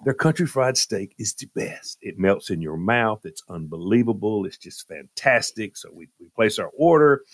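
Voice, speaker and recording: A man's voice: lowish voice, big pitch swings, normal speed, hardly any pauses, no echo, clean studio sound. A man telling a comic story on a radio show, dramatic and exasperated as he relives it. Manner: dramatic, jumps into loud exasperated retellings.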